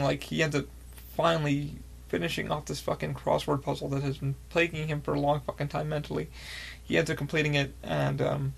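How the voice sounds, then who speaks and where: Gravelly excitable man telling a story. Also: fairly high pitch. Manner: excitable, heavy swearing, rambling with many fillers. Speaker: podcast host. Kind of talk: casual storytelling.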